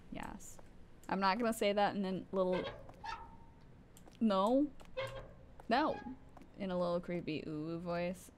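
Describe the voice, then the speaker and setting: Lively, animated woman streamer. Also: medium pitch, a little hiss or hum. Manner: rambling, self-mocking, chatting to viewers; startled outbursts. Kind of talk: casual live gameplay commentary.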